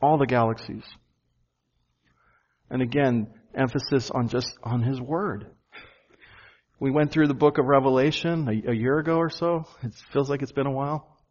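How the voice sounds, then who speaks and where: Male pastor in the pulpit, mid-pitched, earnest, leans on key words; dull lo-fi recording. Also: darkish tone. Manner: earnest preaching, slows and stresses key phrases. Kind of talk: sermon. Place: church.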